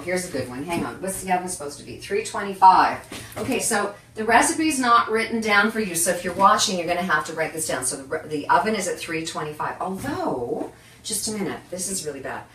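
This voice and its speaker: A chatty, animated woman hosts a live cooking demo from her home kitchen, with a bright, forceful voice pitched a little low. She is recorded from some distance, so the room's echo rings around her words, and faint clicks sit underneath. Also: a little hiss or hum. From Canada. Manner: chatty, animated and self-deprecating, with frequent asides. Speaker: cooking show host. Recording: echoey kitchen, mic at a distance.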